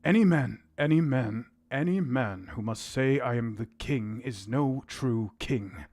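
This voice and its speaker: An imperious British lord, slow and grave, pushed a touch too theatrical, as a streamer does an impression. The delivery is slowed right down and leans hard on each word. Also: male voice, mid-range voice, a little mellow.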